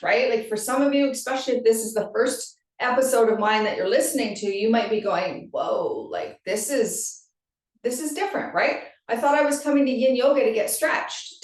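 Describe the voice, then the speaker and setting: A woman yoga teacher hosting a podcast, talking casually and often checking in with "right?". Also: on the high side. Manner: conversational, frequent "right?" and "like". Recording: very echoey room, distant from mic.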